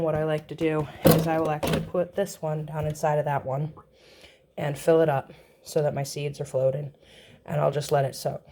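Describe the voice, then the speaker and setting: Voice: mid-range voice, darkish tone. Chatty small-farm rabbit keeper. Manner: chatty and explanatory, with plenty of ums and uhs. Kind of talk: casual how-to demonstration.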